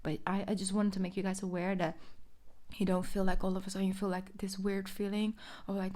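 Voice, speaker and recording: A young adult woman giving a casual tarot reading, reassuring and chatty, sometimes dropping into soft whispered asides. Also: medium pitch, level tone, fairly quick. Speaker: tarot reader.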